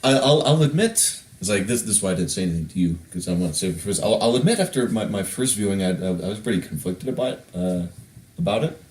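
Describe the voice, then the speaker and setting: A man's voice: sits low, expressive, fast talker, a little mellow, far from the mic. A man co-hosting a podcast, rambling casually with many restarts. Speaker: podcast co-host. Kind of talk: casual chat. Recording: echoey room.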